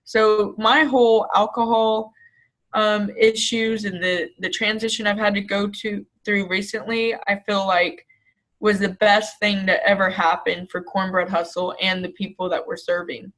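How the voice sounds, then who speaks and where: A woman's voice: medium pitch, fairly even intonation, measured pace, a bit bright, rough recording. A woman, an agency founder, speaking candidly in an interview, telling stories frankly with casual swearing. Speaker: guest, staffing agency founder.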